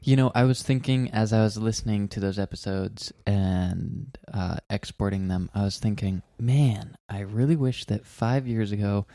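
A man's voice: on the low side, moderate pace, few pauses, dark tone, dry recording, studio quality. A man in his twenties co-hosting a casual podcast with his wife, recorded in their bedroom, talking in a rambling, chatty way. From California. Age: 20s. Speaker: podcast co-host. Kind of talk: casual chat. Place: bedroom at home.

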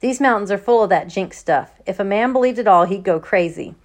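A woman's voice: medium pitch, brisk, close to an everyday voice. A woman reading as an easygoing laughing papa. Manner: relaxed, joking. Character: easygoing farming father, laughs often.

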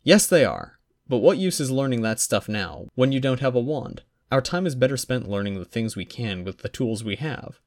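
A man's voice: mid-range voice, very animated, normal speed, hardly any pauses, pitched above the performer's own voice. A man voicing a young boy wizard who answers with dry, patient reasoning.

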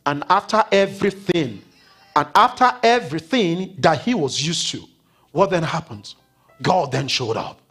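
A male pastor preaching a sermon in a church, swinging from loud declarations to hushed, whispered words. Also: fairly high pitch, expressive, unhurried, breathy edge. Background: faint keyboard music.

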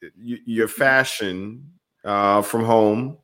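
Slow-talking bright-voiced male interviewer. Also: lowish voice, fairly even intonation, rough recording. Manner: unhurried, brief affirmations. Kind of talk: casual interview.

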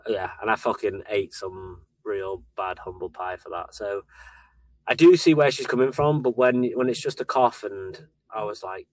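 A young man tells sweary, animated stories in relaxed podcast chat. His voice sits on the low side, and it is recorded close and dry with almost no room sound. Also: moderate pace, no echo. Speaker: podcast co-host. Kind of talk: casual chat.

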